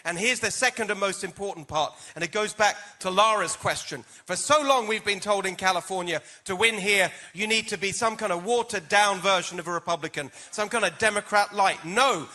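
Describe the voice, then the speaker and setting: A man's voice: high voice, a little fast, few pauses, sharp tone. A man with a British accent answering a debate question as a political candidate, with emphatic stump-speech delivery.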